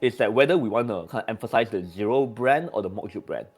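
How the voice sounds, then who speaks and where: A man's voice: lowish voice, expressive, fast talker, husky. Stammering man in a voice chat. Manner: stammering, many repeated words and fillers. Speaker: community member. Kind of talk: casual voice-chat discussion.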